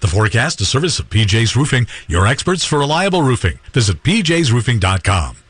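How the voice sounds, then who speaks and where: A man's voice: mid-range voice, big pitch swings, fairly quick, fairly bright tone, slightly rough, no room sound. A man reading the weather forecast on the radio in an announcer delivery.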